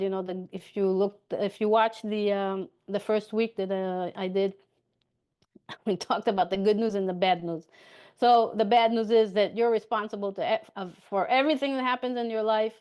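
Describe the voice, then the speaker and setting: A woman coaching her listeners on mindset in a relaxed, talkative way. She circles back to her points and keeps checking in with a quick "okay?". Her voice sits at an ordinary middle pitch for a woman. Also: clear, resonant tone. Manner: chatty, repeats points, asks "okay?" for agreement. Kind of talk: motivational coaching talk.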